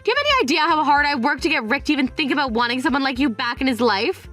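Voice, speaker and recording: Synthetic woman voicing a greedy scolding mother, high voice. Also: animated, rapid-fire, bright, forceful tone. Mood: furious. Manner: harsh, insulting. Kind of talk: text-to-speech text story. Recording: faint music underneath.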